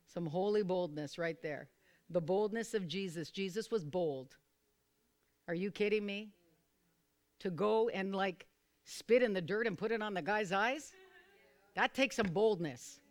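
A woman preaching a sermon to a small group, repeating phrases and calling for responses, sometimes bursting into loud, fervent exclamations. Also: mid-range voice, measured pace, long pauses. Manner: repetitive, calls for responses from listeners.

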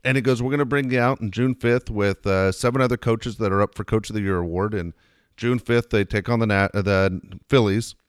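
A man hosting a talk show, telling a profane, self-mocking story in a lively, animated way. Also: fairly low pitch, a little fast, clean tone, dry recording, clean studio sound. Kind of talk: casual anecdote storytelling.

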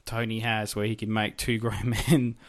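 A man co-hosting a podcast, talking in an animated, casual way and swearing freely as he acts out scenes. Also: fairly low pitch, moderate pace. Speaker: podcast co-host. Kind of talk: casual chat.

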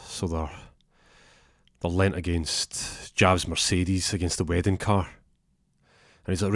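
Low voiced guy telling a funny story, dry sound, trips over his words. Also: flat delivery, slow pace, long pauses, no echo. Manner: stammers and restarts while narrating. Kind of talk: comic storytelling.

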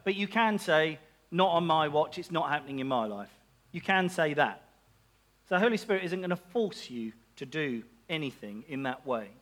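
High-voiced chatty male preacher. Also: fairly bright tone. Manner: chatty and self-mocking, with asides and laughs. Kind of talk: sermon.

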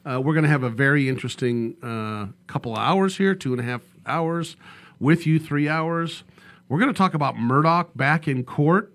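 A man hosting a legal radio talk show in a studio, chatting casually and joking, rambling with fillers and self-corrections. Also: fairly high pitch.

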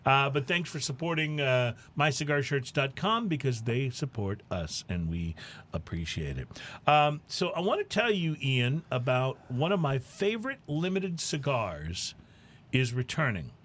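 A man's voice: medium pitch, unhurried. Chatty male podcast host. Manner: relaxed, chatty, hesitant restarts. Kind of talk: casual chat.

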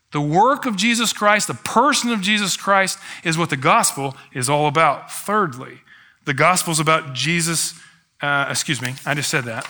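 Male pastor, sermon delivery, somewhat high and bright-toned, emphatic with casual asides. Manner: conversational preaching with rhetorical asides; emphatic, builds in intensity.

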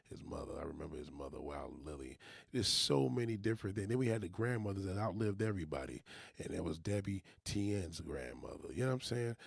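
A New York City vlogger with a New York accent rambles loosely and profanely to his viewers in a casual monologue, dropping in motivational asides. His low-pitched voice is gravelly and slightly rough, recorded with studio quality and no echo.

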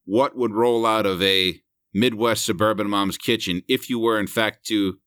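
A man's voice: on the low side, steady tone, moderate pace, a bit bright, dry recording, clean studio sound. A man co-hosting a podcast, chatting casually with lots of swearing and laughter. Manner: profane, laughing, bursts of mock voices. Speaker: podcast co-host. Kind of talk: casual chat.

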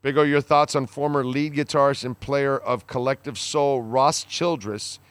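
A man with a medium-pitched, smooth voice and fairly even intonation hosts a podcast in a dry recording. He reads out listener comments and responds in blunt, exasperated casual talk, cursing freely. His delivery is halting, full of fillers, and he keeps restarting sentences.

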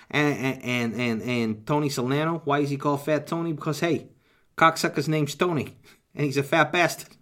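A man's voice: fairly high pitch, fairly even intonation, moderate pace, fairly bright tone. Profane, joking man hosting a podcast. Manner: profane, joking, slips into impressions. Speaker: podcast host. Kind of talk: casual rambling chat.

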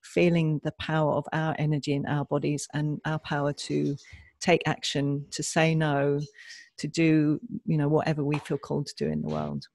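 A woman's voice: deep voice, normal speed, darkish tone, no echo, studio quality. A woman co-hosting a podcast in casual chat, earnest and reflective, often restarting her sentences. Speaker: podcast co-host.

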